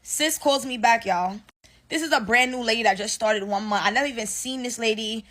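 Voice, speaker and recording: A woman's voice: on the high side, brisk, fairly bright tone. A woman telling a workplace story to her audience, casual and blunt, swearing and acting out both sides of an argument. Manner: blunt, swears freely, slangy.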